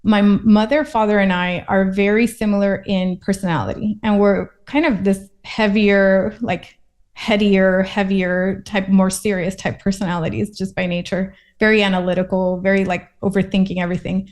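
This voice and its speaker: A woman's voice: mid-range voice, flat delivery, normal speed, darkish tone. A woman from Puerto Rico, a guest in a casual interview, talking in a reflective, thoughtful way.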